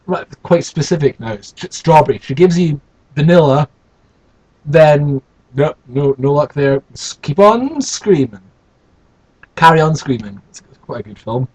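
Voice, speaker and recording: Man, storybook reader, dry sarcastic asides, lively and slightly husky. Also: fairly high pitch, a little slow, low-quality recording. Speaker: host reading a children's book. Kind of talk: storybook reading with comic asides.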